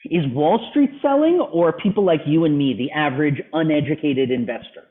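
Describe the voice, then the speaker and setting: Lively man teaching trading charts. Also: a little high, normal speed. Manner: lively, questioning the student. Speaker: trading club instructor. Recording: phone-like video call audio.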